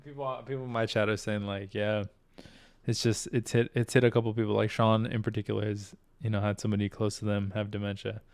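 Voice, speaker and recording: A man's voice: fairly low pitch, level tone, quick pace, a little mellow. A man co-hosting a podcast and stream, talking in a thoughtful, laid-back way. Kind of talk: casual chat.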